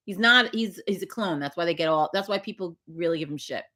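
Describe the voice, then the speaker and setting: Bright and pushed, her voice sits on the low side and moves briskly. She's an older woman running a casual morning livestream, chatting with viewers in a rambling, foul-mouthed way with frequent laughter.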